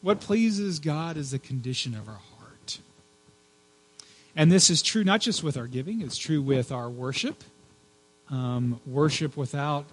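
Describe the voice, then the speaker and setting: A man's voice: a little high, fairly bright tone, slightly rough, low-quality recording. A male pastor giving a sermon in a conversational way, with frequent fillers and repeated words.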